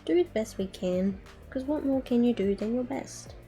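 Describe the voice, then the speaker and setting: A woman's voice: a little high, lively intonation, normal speed, dark tone, soft background music. A woman streamer chatting casually to her viewers while she crafts, muttering to herself with playful baby-talk words.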